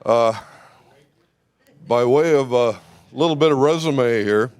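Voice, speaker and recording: A man giving an informal, brisk and folksy talk at a party convention, full of fillers, speaking without a microphone. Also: medium pitch, darkish tone, clear, resonant tone, no echo, clean studio sound.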